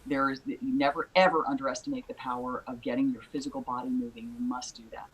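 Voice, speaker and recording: A woman's voice: very deep voice, level tone, fast talker, few pauses, husky, poor audio. A woman singer-songwriter, a guest in a casual video interview, giving earnest, encouraging advice.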